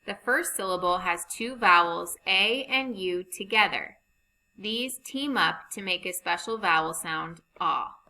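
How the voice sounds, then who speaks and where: A woman teaching a phonics lesson over slides, reading rules and example sentences slowly and deliberately. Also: mid-range voice, bright, forceful tone, a little hiss or hum, low-quality recording.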